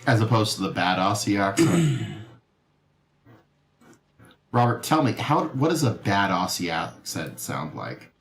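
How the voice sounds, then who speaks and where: A man's voice: lowish voice, very animated, measured pace, long pauses. A man co-hosting a gaming livestream, reasoning things out with fillers and teasing his co-host in dry banter. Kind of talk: casual livestream chat. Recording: roomy echo.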